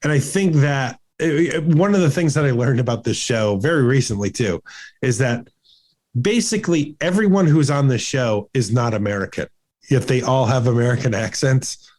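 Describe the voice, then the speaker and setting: A man's voice: medium pitch, lively intonation, moderate pace, darkish tone. A man co-hosting a casual movie podcast, talking in long rambling runs full of restarts and fillers. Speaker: podcast co-host. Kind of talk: casual chat.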